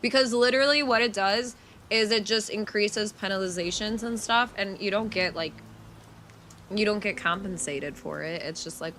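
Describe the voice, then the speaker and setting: A woman's voice: medium pitch, moderate pace, a bit bright, a little hiss or hum. A woman streaming live, chatting casually and answering her chat with frank, profane talk.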